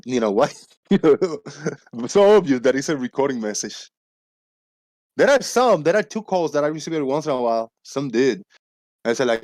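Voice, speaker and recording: A man's voice: medium pitch, moderate pace, pauses often, dry recording. A man hosting a casual livestream, talking animatedly, swearing freely and acting out phone callers in a raised voice. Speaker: livestream host.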